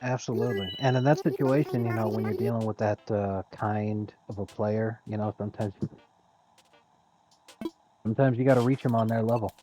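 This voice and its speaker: A woman's voice: extremely low pitch, normal speed, a little hiss or hum. A woman on a live stream chatting casually, ranting with frequent swearing. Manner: animated, profane ranting. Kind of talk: casual chat.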